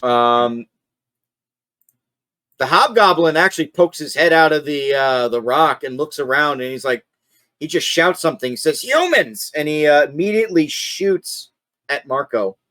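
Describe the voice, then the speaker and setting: A man's voice: fairly high pitch, normal speed, pushed and bright, no echo, clean studio sound. A man running a tabletop game as game master, narrating with many fillers and laughs.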